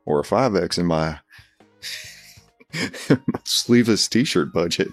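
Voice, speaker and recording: A man doing a comedic impression of a raspy, boastful older male pro wrestler who rambles through a tall tale full of restarts. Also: deep voice, animated, slow, dry recording, soft background music, exaggerated voice. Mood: rambling. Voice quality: raspy, gravelly.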